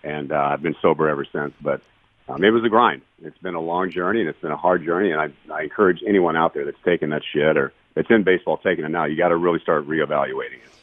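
Deep-voiced, fast-talking man on a tinny line. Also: dry recording. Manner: blunt, profane, earnest. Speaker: guest, retired baseball player. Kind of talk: candid podcast storytelling. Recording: dry, tinny phone-line sound.

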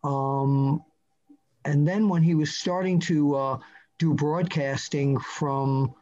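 A man's voice: on the high side, steady tone, slow, darkish tone. Older New man, interview guest, rambling anecdotal storyteller, muffled lo-fi sound. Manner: rambling, anecdotal, with many fillers and restarts. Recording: muffled lo-fi audio.

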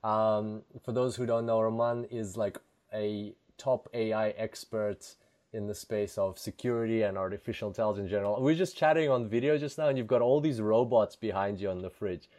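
A man's voice: fairly low pitch, a little fast, a little mellow, dry recording. A man hosting a podcast, a native Russian speaker, talking with eager energy and lots of fillers like "like". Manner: enthusiastic, filler-heavy, says "like" often. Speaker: podcast host. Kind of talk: podcast intro and interview.

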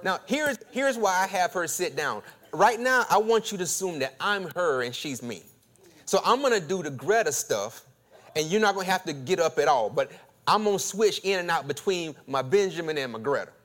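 A preacher with a somewhat high voice tells a story from the pulpit, laughing often and stumbling over his words. He talks in an animated, lively way and then settles into a calm sermon. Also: normal speed. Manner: animated, laughing, stammering restarts. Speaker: pastor.

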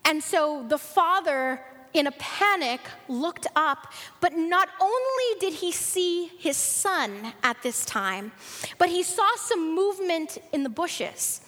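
A woman with a high, fairly bright voice tells stories in a sermon to her congregation, very animated yet taking it slowly, and lets her voice climb for the characters. Her earnest words carry a long reverb, as though spoken in a large church hall.

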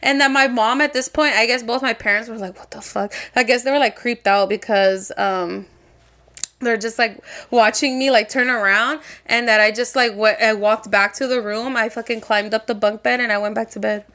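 A woman's voice: a little high, steady tone, normal speed, sharp tone. A young woman co-hosting a podcast, telling a story in casual chat, swearing freely and often laughing. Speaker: podcast co-host.

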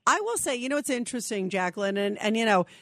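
A woman's voice: fairly high pitch, very animated, fast, fairly bright tone, no room sound, studio quality. A woman hosting a call-in radio talk show, talking in long rambling emphatic stretches full of fillers and restarts.

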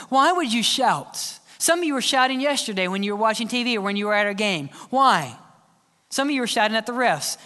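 A male pastor preaching a sermon, swinging between loud cries and hushed whispers. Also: high voice. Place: large church hall. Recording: long church-hall reverb.

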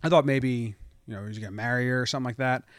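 A man's voice: mid-range voice, racing, no echo. A man co-hosting a podcast, chatting casually and rambling about a TV show, laughing often. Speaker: podcast co-host.

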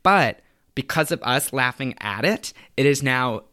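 A young adult man, a guest in a casual interview, telling animated stories in a chatty way. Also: medium pitch, a little slow, no room sound, studio quality.

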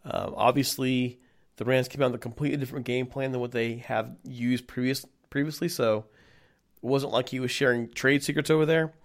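A man co-hosting a sports podcast, talking in an animated, casual way and laughing easily. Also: medium pitch, brisk. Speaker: podcast co-host.

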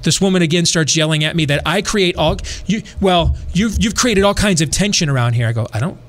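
Podcast host, male, slightly high voice, animated and repetitive, dry asides. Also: a little fast. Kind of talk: casual storytelling.

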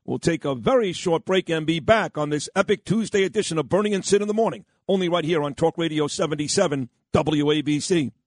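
A man's voice: a little high, a little fast, few pauses, no room sound. A man hosting a morning talk radio show in an effusive, announcer-like way.

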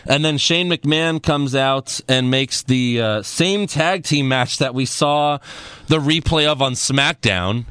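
A man hosting a casual chat, recapping events in an animated, rambling way and swearing freely. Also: mid-range voice, takes it slowly, smooth, no echo. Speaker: podcast host recapping wrestling.

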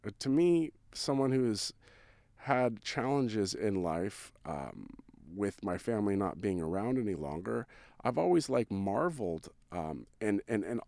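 A man's voice: on the low side, darkish tone, no echo. A man from California, a songwriter, telling a personal story in a casual, earnest, rambling way with many fillers and restarts. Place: van on a town street.

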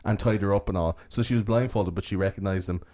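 A man's voice: on the low side, fast, warm tone. A man hosting a podcast, telling a true-crime story in a casual, profane, joking way. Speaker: podcast host.

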